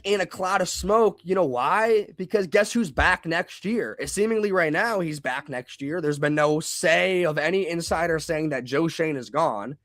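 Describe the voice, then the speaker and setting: A young man with a fairly high voice hosts a live football reaction stream. He rambles, restarts his sentences and reads chat comments out loud. The sound is close and dry, with no room around it. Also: dry recording.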